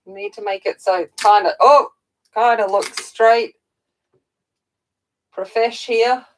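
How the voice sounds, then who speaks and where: A woman's voice: medium pitch, fairly even intonation, slow pace, a little mellow, poor audio. A woman hosting a casual livestream from home, tired and chatty, greeting viewers by name and talking while she eats. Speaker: coloring channel host.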